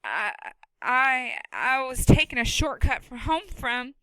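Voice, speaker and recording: A woman voicing a frightened, injured boy who stammers in a high, strained voice. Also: big pitch swings, slow pace, sharp tone, no echo, heavily acted, poor audio. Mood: nervous.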